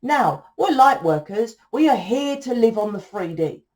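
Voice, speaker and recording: A woman's voice: fairly high pitch, expressive, unhurried, a little mellow. A woman, a tarot reader in a casual spiritual monologue, blunt and profane, rambling and tagging sentences with "right?".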